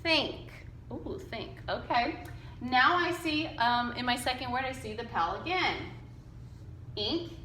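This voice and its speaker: Slow, bright-voiced woman teaching phonics. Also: fairly high pitch, reverberant, a little hiss or hum. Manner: slow, patient, sounds out letters and chunks for kids to repeat. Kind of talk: phonics lesson for young children. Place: classroom with whiteboard.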